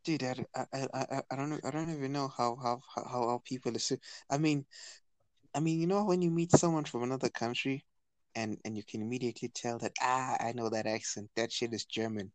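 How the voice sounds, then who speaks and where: A man's voice: mid-range voice, fairly quick, no echo. Stammering South African man saying "dude". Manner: excitable, stammers and repeats "dude". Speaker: podcast co-host. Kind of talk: casual chat.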